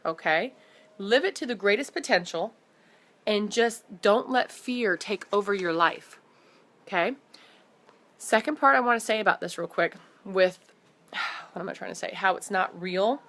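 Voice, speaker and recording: A woman in her thirties giving an animated, casual motivational talk to camera, often calling her viewers "guys". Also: fairly high pitch. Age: 30s. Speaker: motivational vlogger.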